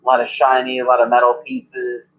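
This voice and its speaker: A man narrating as game master in a halting way, filling gaps with "like". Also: medium pitch, monotone, a bit bright. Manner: halting, many "like" fillers. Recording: muffled lo-fi recording.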